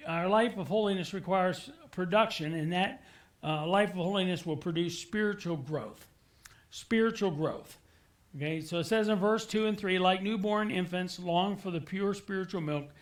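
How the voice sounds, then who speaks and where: A man's voice: high-pitched, fairly bright tone. A male pastor preaching a sermon in a church, earnest and conversational, repeating key words for emphasis and dropping in casual asides. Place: church sanctuary.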